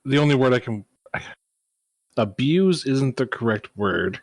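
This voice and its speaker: A man playing in a tabletop game, with a wry, deadpan way of talking. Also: mid-range voice, measured pace, dry recording. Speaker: player. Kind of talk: tabletop role-play.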